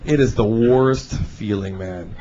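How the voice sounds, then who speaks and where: A male stand-up comedian doing a lively routine, animated and shouting at times, slipping into high put-on voices. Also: takes it slowly, background noise. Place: comedy club stage. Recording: dull live club recording, audience. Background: audience laughter.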